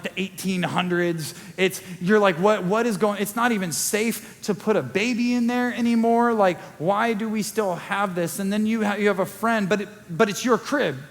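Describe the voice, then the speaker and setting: A male pastor preaching a sermon in a conversational way, acting out quick quoted asides. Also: high voice. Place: church sanctuary. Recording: long church hall reverb.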